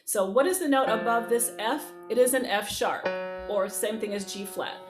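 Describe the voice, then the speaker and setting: A woman's voice: fairly high pitch, normal speed, over music. A woman voice teacher leading an online group lesson, upbeat and encouraging, talking to people in the chat. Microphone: video call. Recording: echoey room with keyboard.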